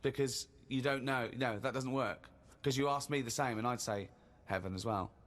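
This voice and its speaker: A man's voice: medium pitch, normal speed, fairly bright tone. A man hosting a radio comedy show, teasing his co-host in casual chat.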